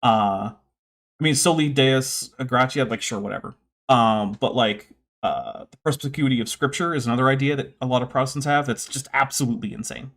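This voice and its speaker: A man's voice: medium pitch, a little fast, fairly bright tone. A man hosting a livestream, giving opinionated commentary with sarcastic asides and reading out viewer comments.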